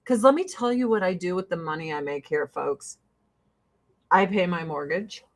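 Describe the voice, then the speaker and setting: A middle-aged woman chatting casually while doing her makeup, telling blunt, profane stories with frequent laughs. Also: medium pitch. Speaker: vlogger. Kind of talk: casual get-ready-with-me chat.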